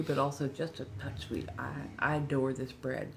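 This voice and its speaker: With a low, a little mellow voice, this woman, an ASMR livestream host from Southern California with a Californian accent, keeps a steady tone and measured pace. She chats casually with her chat, frequently repeating herself as she reads messages and answers them.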